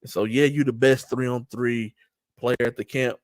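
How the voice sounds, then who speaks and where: Middle-aged male host, emphatic streetwise talk, mid-pitched, dry mic. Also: fairly even intonation, moderate pace, no room sound. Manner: emphatic, trash-talking streetwise delivery with repeated restarts. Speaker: show host and event organizer. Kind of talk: casual talk-show monologue.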